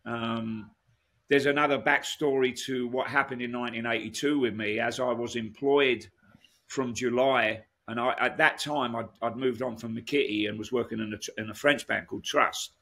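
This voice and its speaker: A man in his sixties tells long, winding stories as an interview guest, circling back with restarts and asides. His voice is gravelly and husky, with a bright, forceful edge. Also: mid-range voice, fairly even intonation, moderate pace. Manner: rambling, many restarts and asides. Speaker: guest musician. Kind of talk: casual storytelling interview.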